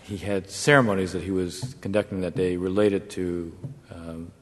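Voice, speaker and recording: A man, a former negotiator, telling a wry anecdote to an audience in a measured way. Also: sits low, level tone. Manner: measured, wry storytelling with brief chuckles. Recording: long hall reverb.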